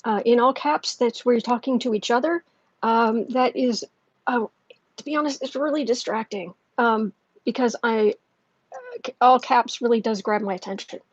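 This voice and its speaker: A woman hosting a livestream as a tarot reader, chatting casually with many fillers and restarts, speaking softly and gently and sometimes dropping to a near whisper. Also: on the high side, moderate pace, husky, no room sound, muffled recording. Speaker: tarot reader and channel host.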